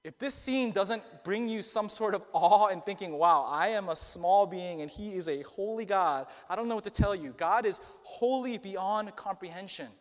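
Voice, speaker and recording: A man preaching a sermon, earnest and emphatic, slowing down to stress key phrases. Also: high voice, long reverb tail. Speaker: pastor.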